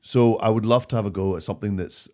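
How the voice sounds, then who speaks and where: A Scottish man with a low, deep voice sits in a relaxed podcast chat as a guest. His speech comes in halting bursts, with pauses and restarts before he settles into a thought. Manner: hesitant, halting starts. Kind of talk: casual chat.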